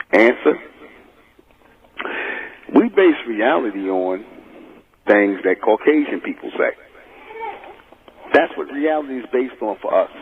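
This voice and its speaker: Gravelly-voiced man hosting talk radio. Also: lowish voice. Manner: preachy, emphatic. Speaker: radio host. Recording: tinny phone-line radio recording.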